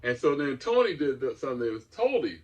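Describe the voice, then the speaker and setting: A man's voice: medium pitch, very animated, fast talker, darkish tone, breathy edge, dull audio. An older man, a co-host telling a rambling story in a casual chat. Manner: rambling, restarts often, chuckles through stories.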